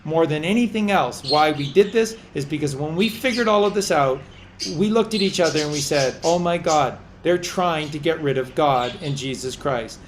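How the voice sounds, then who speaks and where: A man's voice: a little high, normal speed, a little hiss or hum. A man hosting a podcast, giving impassioned religious commentary in a preachy, repetitive way as he exhorts his listeners. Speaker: podcast host.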